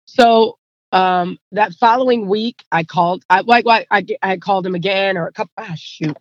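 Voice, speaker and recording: A woman's voice: medium pitch, normal speed, highs cut off, slight background noise. A woman guest telling a personal story in casual chat, rambling and acting out the dialogue, close to tears. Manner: rambling, acts out quoted dialogue; emotional, near tears.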